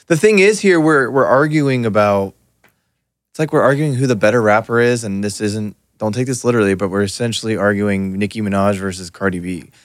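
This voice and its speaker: A man co-hosting a pop culture podcast, casual and sarcastic with quick comebacks. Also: lowish voice, fairly even intonation, dry recording, studio quality. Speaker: podcast co-host. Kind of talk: casual chat.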